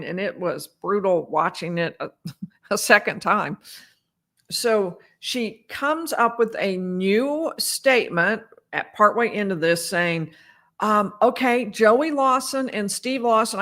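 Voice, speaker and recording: A woman lawyer giving casual commentary on a criminal trial, talking in a conversational way and quoting interrogation testimony with animated emphasis. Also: medium pitch, takes it slowly.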